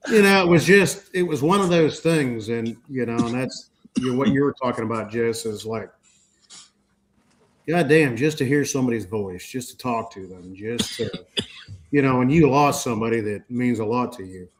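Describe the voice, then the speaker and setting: A man's voice: mid-range voice, moderate pace, slight background noise. A man in his fifties hosting a casual group podcast chat. He tells a personal story in a rambling way, with many restarts, fillers and casual swearing. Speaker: podcast host.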